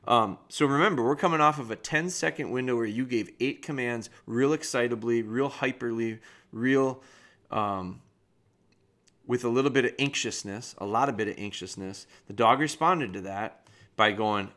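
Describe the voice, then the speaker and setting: A man's voice: medium pitch, moderate pace, fairly bright tone. A man hosting a dog training podcast, reviewing a trainee's video and talking directly to him with frank critique.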